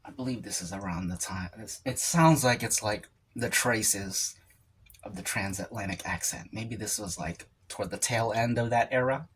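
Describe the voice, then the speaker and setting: A man's voice: on the low side, normal speed, a bit bright, breathy edge. A man hosting a reaction video, thinking aloud in casual, speculative commentary.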